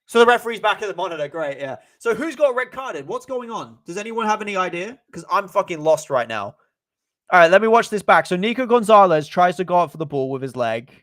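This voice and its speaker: Excitable young man reacting to football. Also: sits high, fairly quick. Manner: excitable, stammers and repeats himself when agitated. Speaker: football fan livestreamer. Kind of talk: live match watch-along commentary.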